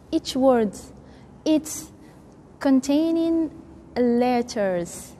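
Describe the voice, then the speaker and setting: A woman's voice: high-pitched, warm tone. A woman teaching Quran recitation and letter pronunciation, speaking in a patient, step-by-step way and repeating each sound for practice. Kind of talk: slow instructional lesson with demonstrations. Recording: faint room noise, long reverb.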